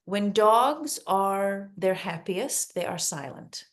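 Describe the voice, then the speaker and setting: A woman talking as a dog behavior expert guest on a podcast, calm and explanatory, often repeating words for emphasis. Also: medium pitch, takes it slowly. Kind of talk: podcast interview advice.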